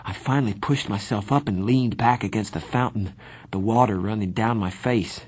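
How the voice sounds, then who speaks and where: Low, husky male narrator. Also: moderate pace, a little mellow. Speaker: audiobook narrator. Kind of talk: scripted first-person narration.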